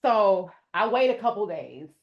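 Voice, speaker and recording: Woman telling a story with lively quoted voices. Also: medium pitch, measured pace, lo-fi sound. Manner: animated, raising her voice to act out quoted speech; addresses listeners as "y'all". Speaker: podcast guest. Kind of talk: storytelling in an interview.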